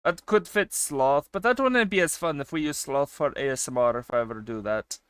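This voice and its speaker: Sex: man. Role: streamer. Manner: animated, close dry mic. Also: a little high, a little fast, clear, resonant tone, no room sound. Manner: animated, swings between loud excited bursts and quiet asides, swears casually. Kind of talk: casual chat with a live stream chat.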